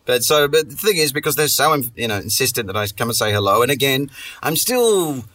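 A man's voice: medium pitch, expressive, a little fast, sharp tone, recorded from a distance. A man hosting a comedy podcast, telling a long story in a rambling, sweary way and restarting his sentences often. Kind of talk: casual comic storytelling.

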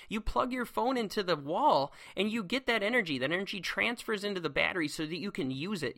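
A man who teaches science, talking in an excitable, rambling solo monologue full of restarts. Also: high-pitched.

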